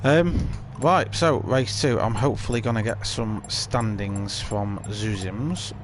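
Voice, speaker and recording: A man giving live commentary on an online racing event in a casual, chatty way. His voice jumps up when the action gets exciting. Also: fairly low pitch, slow, noisy background.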